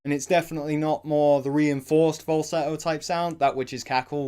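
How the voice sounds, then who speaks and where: Smooth-voiced man explaining singing technique. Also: a little high, little pitch movement, brisk. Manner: conversational, many "you know" fillers, rambling asides; breaks into short sung and shouted vocal demos. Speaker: singing vlogger.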